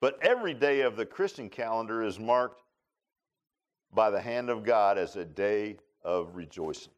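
A pastor with a voice on the low side speaks at a moderate pace, though the audio is dull. In a church sanctuary he gives a folksy, animated sermon, laughing, joking with the congregation and calling people by name.

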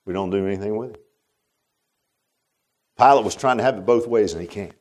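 A man preaching a sermon in a folksy way, building to loud exhortations and dropping to hushed, low tones. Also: fairly quick, long pauses.

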